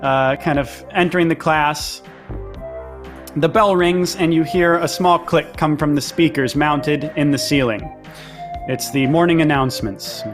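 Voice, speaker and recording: A man's voice: a little high, measured pace, faint music behind. Chatty man running a role-play game. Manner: chatty, lots of fillers and laughs. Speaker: game master.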